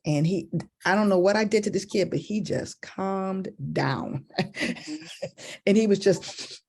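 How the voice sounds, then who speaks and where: A woman in a church women's group telling a personal story in a casual, animated way. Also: unhurried. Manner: animated, acts out a child's voice in high pitch. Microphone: video call.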